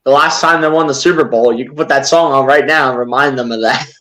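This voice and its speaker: A man's voice: medium pitch, fairly quick, a bit bright, echoey room, low-quality recording. Laid-back man in sports chat. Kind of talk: casual sports talk.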